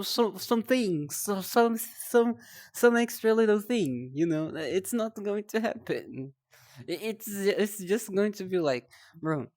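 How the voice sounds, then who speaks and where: A young woman streaming live, chatting casually in a rambling, self-deprecating way, often stumbling over and repeating her words. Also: medium pitch.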